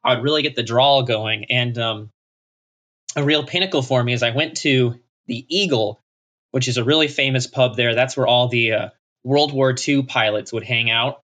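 A man from Texas spins a self-mocking story as a podcast guest. His voice is bright and forceful, with a middle pitch. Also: moderate pace. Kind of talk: casual chat.

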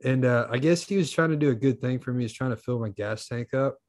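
A man's voice: mid-range voice, quick pace, darkish tone. A young man co-hosting a podcast, rambling through a story with lots of fillers and swearing. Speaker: podcast co-host. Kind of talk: casual chat.

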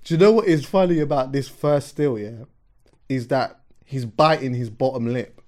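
A young man, co-hosting a casual podcast chat, animated and laughing often. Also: medium pitch, moderate pace. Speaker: podcast co-host.

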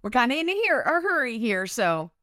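A woman's voice: a little high, sing-song, a little fast, fairly bright tone, no echo, studio quality. A woman co-hosting a podcast, chatting casually and animatedly about a book and reading passages aloud. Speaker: podcast co-host.

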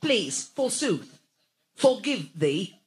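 A woman's voice: mid-range voice, big pitch swings, very slow, a little hiss or hum. Give me a pompous Cockney robot prince, stiff and courtly, played by a woman. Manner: mock-courtly, then stuck repeating.

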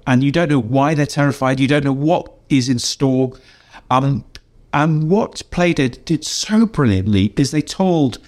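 An older English man, a game designer being interviewed, telling anecdotes in a lively way and acting out the voices of people he quotes. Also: medium pitch. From England. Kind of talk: animated storytelling in an interview.

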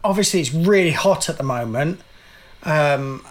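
A middle-aged man with a noticeably high-pitched voice, talking in a loose, rambling way and breaking into laughter as he goes. He co-hosts a casual chat podcast. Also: expressive, moderate pace. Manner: chatty, laughs often, rambling. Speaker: podcast co-host.

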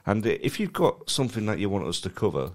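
Podcast co-host, man, low voice, lively swings in pitch. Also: fast. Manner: chatty, laughs often, animated. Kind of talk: casual chat.

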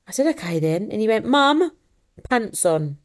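A woman hosts a casual solo podcast, chatting her way through a story and acting out the voices of the people she quotes while swearing casually. Her voice is medium-pitched and darkish in tone, with an animated, fairly quick delivery.

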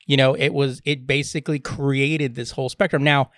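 A man's voice: medium pitch, flat delivery, moderate pace, fairly bright tone, no echo. A man co-hosting a podcast, talking bluntly in a casual chat, rambling with frequent restarts. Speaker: podcast co-host.

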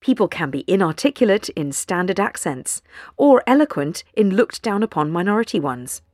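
A woman narrating a news feature in a measured, deliberate way. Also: mid-range voice, very animated, darkish tone, no echo, clean studio sound. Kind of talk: scripted narration.

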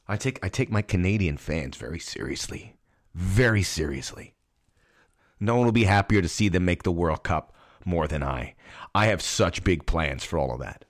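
A man's voice: deep voice, expressive, moderate pace, soft background music. A man hosting a soccer podcast, talking in a rambling, chatty way with frequent restarts. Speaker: podcast host. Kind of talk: casual podcast chat and commentary.

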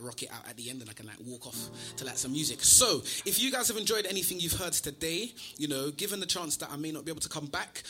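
A spoken word performer with a sharp, husky, rather high voice chats to a live crowd at a venue with a band. His stage patter rambles and is full of fillers.

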